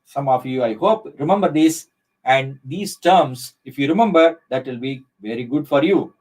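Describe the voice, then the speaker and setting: A middle-aged man with an Indian English accent giving a live online lecture, speaking slowly and deliberately with many fillers and restarts. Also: medium pitch, lively intonation, darkish tone, poor audio.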